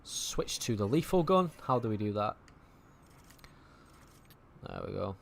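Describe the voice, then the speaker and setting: A man's voice: lowish voice, big pitch swings, unhurried, gravelly, slight background noise. A man with a Manchester accent chatting and thinking aloud over a game he plays, casual and a little sweary. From England. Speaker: gaming streamer. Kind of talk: casual gameplay commentary.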